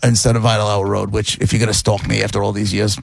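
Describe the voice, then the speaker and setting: A middle-aged man telling a long story in casual chat, animated and rambling, often checking in with the listener. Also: lowish voice, quick pace, gravelly, slight background noise. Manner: animated, rambling, repeats "right?".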